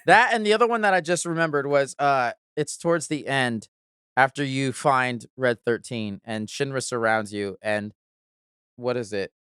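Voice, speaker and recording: A man hosts a podcast in casual, excited chat, laughing often and swearing freely. His voice sounds smooth and clear. The sound is dry and close. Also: mid-range voice, moderate pace, no room sound. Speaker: podcast host.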